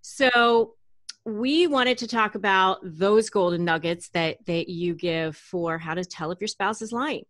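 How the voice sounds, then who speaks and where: A woman's voice: medium pitch, measured pace, fairly bright tone, dry recording, studio quality. A middle-aged woman hosting a podcast interview, friendly and enthusiastic, with frequent ums and restarts. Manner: friendly, enthusiastic, hesitant with fillers. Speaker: podcast host.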